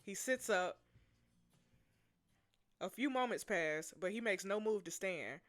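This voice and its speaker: A woman reading aloud and reacting to a story game, animated and chatty, talking straight to her viewers. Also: medium pitch, takes it slowly, soft background music. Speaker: gamer.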